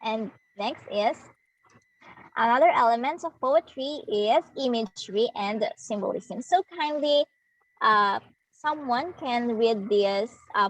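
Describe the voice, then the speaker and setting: A young woman from the Philippines with a Filipino accent, giving a demo class lesson as a student teacher, explaining slowly with pauses and fillers. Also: fairly high pitch, rough recording. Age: young adult. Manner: slow, hesitant, explaining to students.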